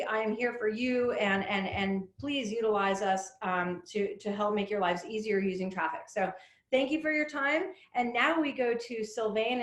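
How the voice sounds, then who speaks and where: A woman's voice: a little high, roomy sound. A woman hosting a webinar as head of community, chatty and upbeat with many fillers. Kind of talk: webinar host introduction.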